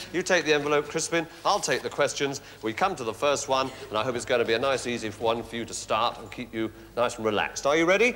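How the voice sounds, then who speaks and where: A man hosting a children's game show, jokey and brisk, in a television studio with long reverb. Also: mid-range voice, fairly bright tone, a little hiss or hum. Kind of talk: lively game show presenting.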